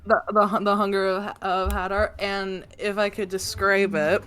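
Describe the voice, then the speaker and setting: A woman's voice: medium pitch, flat delivery, moderate pace, a bit bright, smooth. A woman player in a tabletop game, chatty and full of likes and restarts. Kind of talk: casual tabletop play.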